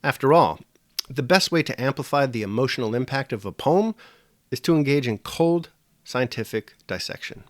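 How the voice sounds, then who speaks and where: Animated dry-witted male lecturer. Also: medium pitch, no room sound. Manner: dry, wry, measured explanation. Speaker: teacher. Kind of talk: scripted video lecture.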